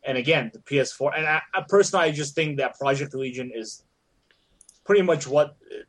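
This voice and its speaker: A man's voice: on the high side, brisk. A man on a podcast panel in casual chat, opinionated and stumbling over his opening words. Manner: opinionated, repeats words when starting.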